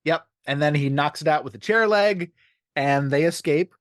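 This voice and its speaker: A man co-hosting a podcast, recapping a TV episode in casual chat with deadpan jokes and quoted character lines. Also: fairly high pitch, normal speed, dry recording, clean studio sound. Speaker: podcast co-host.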